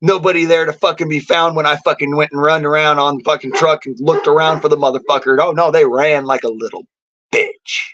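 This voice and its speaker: A man's voice: a little high, fairly even intonation, fast, hardly any pauses, a bit bright. A man delivering a defiant, boastful rant to camera, swearing heavily. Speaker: vlogger. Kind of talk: profane angry rant. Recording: dull lo-fi audio.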